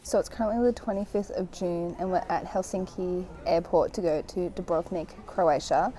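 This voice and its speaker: A woman's voice: lowish voice, steady tone, moderate pace, dark tone, a little hiss or hum, low-quality recording. A young woman from Australia chatting through a casual travel vlog, telling stories with lots of "like" fillers. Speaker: travel vlogger.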